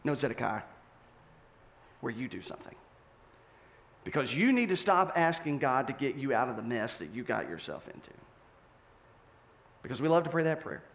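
A male pastor preaching a sermon, telling a story with animated delivery and acted-out scenes. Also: mid-range voice, normal speed, vocal fry, long pauses.

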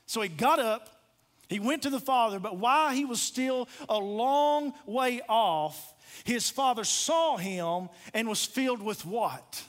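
A male pastor preaching a sermon, retelling a parable with dramatic pauses and rhetorical questions. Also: very high-pitched, a bit bright. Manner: storytelling, acting out the parable.

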